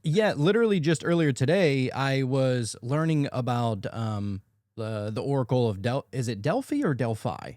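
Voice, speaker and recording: A man hosting a podcast in casual conversation, excitable and often searching for words with many restarts. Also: mid-range voice, moderate pace, no echo, clean studio sound. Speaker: podcast host.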